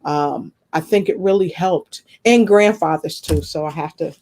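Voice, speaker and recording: A woman guest sharing a personal testimony in conversation, earnest and expressive, with faith woven through her talk. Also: deep voice, moderate pace, slight background noise. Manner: earnest, expressive storytelling with spiritual references.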